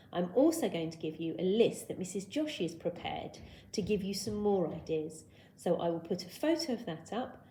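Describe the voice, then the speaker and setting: A woman teaching young children in a recorded lesson, her pitch leaping up and down as she acts out shouting, whispering and gasping. She keeps an encouraging, patient tone throughout. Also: slight background noise. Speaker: primary school teacher.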